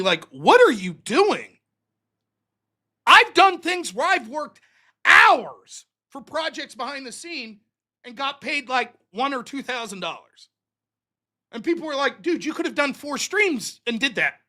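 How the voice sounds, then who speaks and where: An American man hosting his live stream, telling stories in a profane, animated way. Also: very high voice. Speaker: streamer and show host. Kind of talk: casual livestream monologue.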